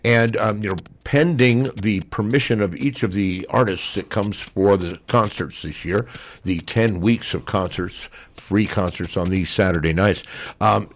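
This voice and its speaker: A man's voice: lowish voice, measured pace. A man in his sixties hosting a live radio pre-show from an outdoor concert, with upbeat, folksy announcer patter. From Nevada, United States. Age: 60s. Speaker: radio host. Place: outdoors at a parking lot concert stage.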